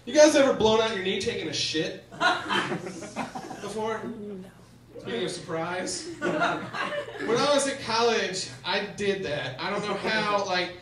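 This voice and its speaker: A young man doing stand-up comedy, telling animated stories with sudden shouted bits on a theater stage. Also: high voice, a little slow, pauses often, background noise. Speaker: stand-up comic. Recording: echoey theater from a distance.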